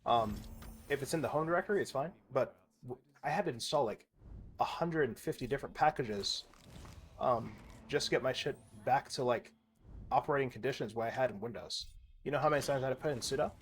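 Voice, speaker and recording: Casual male streamer voice, mid-range pitch, exasperated profane rambling, light room noise. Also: fairly quick. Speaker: gaming video creator. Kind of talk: casual ranting commentary while gaming.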